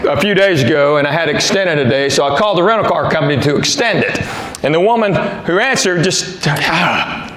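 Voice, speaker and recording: Middle-aged guy doing standup, acts out all the dialogue, kinda high voice, echoey venue. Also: expressive, a little fast, music in the background. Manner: storytelling, acting out dialogue with character voices. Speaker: stand-up comedian. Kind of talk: stand-up comedy set. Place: large venue with live audience laughing. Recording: echoey live venue with crowd noise.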